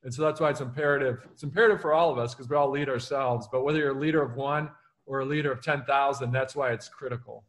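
A man who is an author and keynote speaker, answering interview questions in an energetic, punchy motivational way and acting out the lines he quotes. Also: medium pitch, fast talker. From United States.

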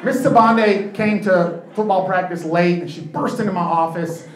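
A man performing a stand-up comedy set on a club stage, telling stories in a quick, conversational way. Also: high voice. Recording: echoey club with crowd and noise.

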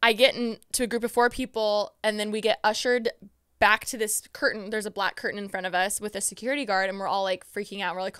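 A young woman guest on a podcast, telling an excited story in casual chat, full of fillers and acted-out quotes. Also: medium pitch, very fast, smooth, no echo, clean studio sound.

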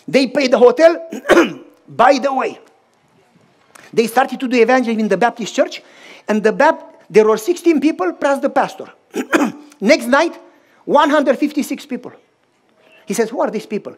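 Man with a romanian accent preaching, animated storytelling, does all the voices himself. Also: high-pitched. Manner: animated, acts out dialogue in shifting voices. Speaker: pastor. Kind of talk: sermon storytelling.

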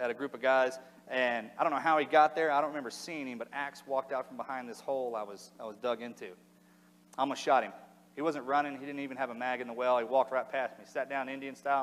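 A middle-aged man telling a war story to an audience in a plain, halting way, his voice sinking low and quiet at the hardest parts. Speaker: speaker giving a talk. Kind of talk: recounting a combat story to an audience. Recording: long hall reverb.

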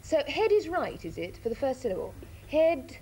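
A woman's voice: high voice, very animated, moderate pace, mellow, a little hiss or hum. A woman on a studio panel game, guessing charades and checking each clue aloud.

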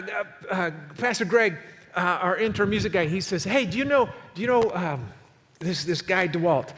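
Pastor, man in his sixties, animated sermon storyteller, voice sits a little high, long church reverb. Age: 60s. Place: church sanctuary. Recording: long hall reverb, faint noise.

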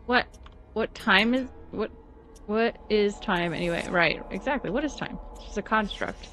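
A woman streaming a video game live, reacting with excitable commentary and frequent swearing and apologies. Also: medium pitch, normal speed.

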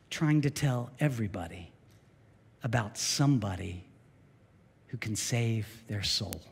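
Emphatic preacher in an echoing church. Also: male voice, medium pitch, takes it slowly, vocal fry, husky. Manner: emphatic, animated preaching with repeated phrases. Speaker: pastor. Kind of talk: sermon. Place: church sanctuary.

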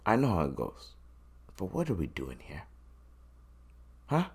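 A man's voice: deep voice, huge pitch swings, a little slow, breathy edge. A man hosting a solo podcast, talking in a loose, profane, joking way. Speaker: podcast host.

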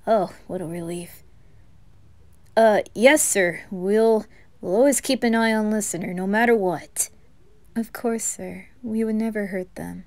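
A woman's voice: medium pitch, unhurried, lightly acted. A woman voicing a chatty, playful teenage boy who gushes over food in a whispered role-play.

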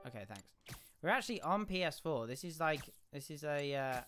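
Excitable British streamer, bright voice. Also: male voice, a little high, fairly quick, soft background music. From United Kingdom. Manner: excitable, shouts during fights, mumbles while reading chat. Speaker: game streamer. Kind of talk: live gaming stream commentary.

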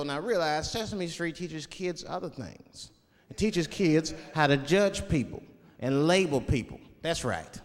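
Male comedian storytelling, animated delivery, long hall reverb, background noise. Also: fairly high pitch. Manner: laid-back, profane, animated storytelling. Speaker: stand-up comedian. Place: large theater stage. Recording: hall reverb, loud crowd laughter.

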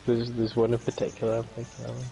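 A young man chatting with a friend over a video game, pausing and searching for words. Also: mid-range voice, monotone, creaky, mellow, low-quality recording. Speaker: gaming buddy. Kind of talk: casual chat while gaming.

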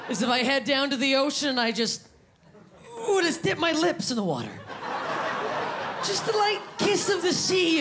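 Gravelly brash woman comic on stage. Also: sits high. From Canada. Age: 30s. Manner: brash, self-deprecating, with loud shouted punchlines. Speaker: stand-up comedian. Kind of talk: stand-up comedy set. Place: comedy venue stage with live audience. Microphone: handheld microphone. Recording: live room with audience and background noise.

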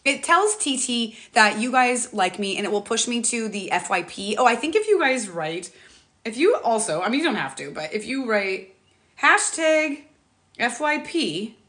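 Fast-talking, bright-voiced woman livestreaming. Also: a little high. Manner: fast, rambling, restarts often; emotional and animated. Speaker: livestream host. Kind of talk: casual livestream chat. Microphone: tablet mic, close.

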